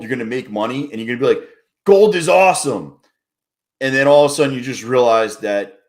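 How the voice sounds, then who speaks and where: Male stream host, casual and profane, banters with chat in an average-pitched voice. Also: a little mellow. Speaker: livestream trading host.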